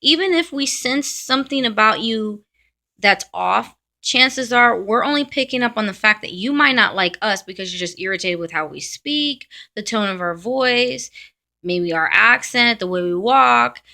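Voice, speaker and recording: A woman's voice: a little high, expressive, normal speed, vocal fry, sharp tone. A woman vlogger talking bluntly to camera in a casual, ranting monologue.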